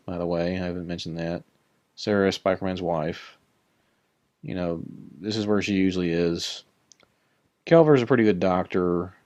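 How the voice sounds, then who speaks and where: A man's voice: deep voice, darkish tone, no echo. A man casually touring his Minecraft build, rambling and self-deprecating, chatting to creatures in the game, his voice a little worn. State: voice a bit worn. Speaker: Minecraft builder giving a tour. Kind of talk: casual let's-play commentary.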